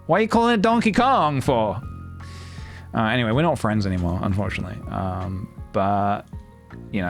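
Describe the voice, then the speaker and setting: A man in his thirties chatting casually on a live stream, playful and rambling as he talks himself through his work. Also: mid-range voice. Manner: playful, rambling, talking to himself while working.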